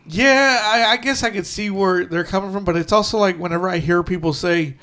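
A man's voice: sits high, brisk, bright, forceful tone. A man co-hosting a podcast in casual chat, rambling with many restarts and quoting people in put-on voices. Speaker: podcast co-host.

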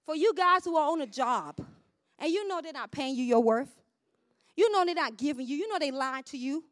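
A woman preaching a fervent sermon, swinging from loud shouted declarations down to low murmured asides, calling on the congregation to answer. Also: expressive, fairly quick, no room sound, clean studio sound.

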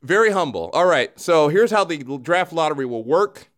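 A man's voice: a little high, animated, moderate pace, fairly bright tone. A man hosting a comedy show in a mock-formal broadcast style with sarcastic asides. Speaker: host.

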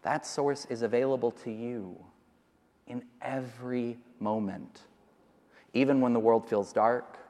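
A man delivers a sermon at an unhurried pace, leaning into slow, emphatic repetitions. His mid-pitched voice rings out with a long reverb. It sounds like a church sanctuary. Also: darkish tone. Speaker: preacher. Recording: long reverb of a large hall.

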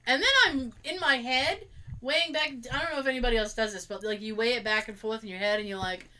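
A woman with a fairly high voice talks fast in a casual chat, telling stories from work. She's animated and acts out what her coworkers said.

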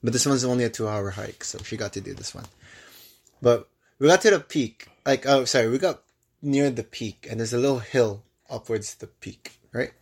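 A man's voice: mid-range voice, moderate pace, breathy edge. Chatty young man telling a story. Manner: animated storyteller with many restarts. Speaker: podcast co-host. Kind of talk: casual podcast chat.

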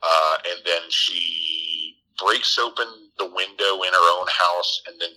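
Low-voiced man with a sharp, bright edge. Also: fairly even intonation, slow, poor audio. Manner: rambling, profane, jumps into squeaky character voices. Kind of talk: casual comic movie recap.

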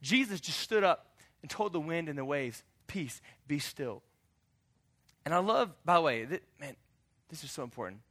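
A man preaching a sermon as pastor, animated and jokey in a conversational way. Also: on the high side, a little fast.

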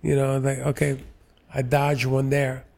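A man in his sixties from New York's Lower East Side, an actor telling stories in an interview, slow and halting with many fillers. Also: monotone, gravelly, a little mellow. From New York, Lower East Side. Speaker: actor, guest. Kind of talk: relaxed interview storytelling.

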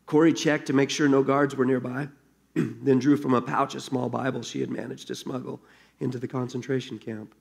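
A man's voice: mid-range voice, level tone, normal speed, gravelly. A man preaching a sermon as pastor, earnest and conversational, reading a story aloud to his congregation.

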